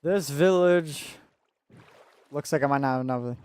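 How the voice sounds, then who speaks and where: Speaking in a smooth, darkish, medium-pitched voice at an unhurried pace, a young man gives casual let's-play commentary for his gaming channel. Frequent laughter and stumbles over words come through his desk mic.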